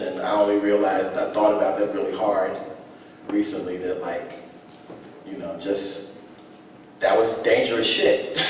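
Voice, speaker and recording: A man performing a live spoken-word reading on a theater stage, reflective and halting, often starting over mid-thought. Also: on the low side, slight background noise. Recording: echoey hall from far off.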